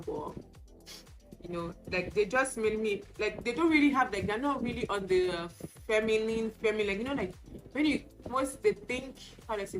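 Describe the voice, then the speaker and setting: A woman chats candidly to camera in a relaxed get-ready-with-me vlog, her voice at an ordinary middle pitch. She tells personal stories and slips into acted-out exchanges. Clear music plays behind her. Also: poor audio. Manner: chatty, candid storytelling; acts out quoted exchanges. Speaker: beauty vlogger. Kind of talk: casual get-ready-with-me chat. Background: music playing.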